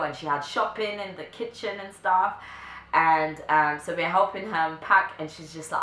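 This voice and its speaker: A young woman, telling a story to camera in a chatty way, full of filler likes and quick laughs. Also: sits low, fairly bright tone. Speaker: vlogger. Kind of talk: casual storytime chat. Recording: echoey room, faint background noise.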